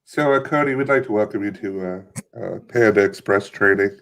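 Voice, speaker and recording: A man's voice: on the low side, brisk, gravelly. A young man co-hosting a comedy podcast, playing a mock interviewer in a playful, profane way. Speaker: podcast co-host. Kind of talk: casual comedic chat.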